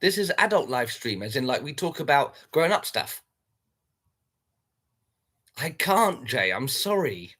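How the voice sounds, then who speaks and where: A man's voice: mid-range voice, very animated, unhurried, pauses often, bright, forceful tone. A man hosting a livestream, chatting casually and talking straight to his viewers. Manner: chatty, addresses viewers directly. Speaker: livestream host.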